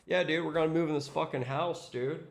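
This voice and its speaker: A man's voice: a little high, steady tone, fairly quick, vocal fry. A man imitating a laid-back, noncommittal male friend with a drowsy, mumbling drawl.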